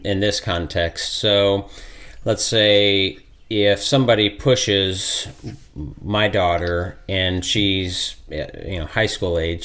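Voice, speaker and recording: A middle-aged man with a low, slightly bright voice hosts a podcast interview, speaking conversationally and thinking out loud as he puts his questions together.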